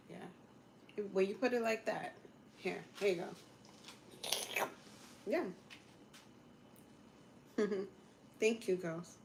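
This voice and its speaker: Young woman, casual livestream host, chatty and quick to laugh, faint background noise. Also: medium pitch, gravelly, darkish tone. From United States. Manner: chatty, laughs often, answers viewer comments.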